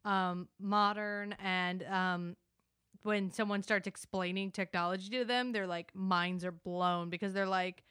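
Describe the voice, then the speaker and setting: A woman's voice: mid-range voice, fairly even intonation, measured pace, a bit bright, smooth, no room sound, studio quality. A woman co-hosting a casual film chat, easygoing, with lots of ums as she retells scenes. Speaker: podcast co-host.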